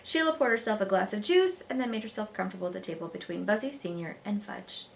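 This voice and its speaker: A woman teacher reading a children's novel aloud with expressive storytelling. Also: mid-range voice, fast talker, creaky, slight background noise.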